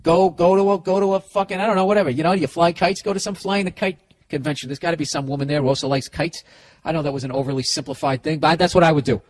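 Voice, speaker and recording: A man's voice: on the high side, fast. A middle-aged man with a Boston accent, hosting a comedy podcast and giving sarcastic, profane, rambling advice full of restarts.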